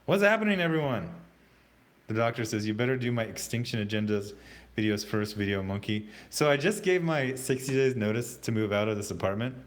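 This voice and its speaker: A man hosting a casual livestream, reading out chat comments in a rambling, halting way with many fillers and restarts. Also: on the low side.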